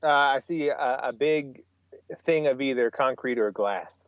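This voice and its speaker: A man co-hosting a casual podcast chat, cracking deadpan jokes. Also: medium pitch, a little slow, dry recording. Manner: deadpan joking. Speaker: podcast co-host. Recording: dry, dull lo-fi sound.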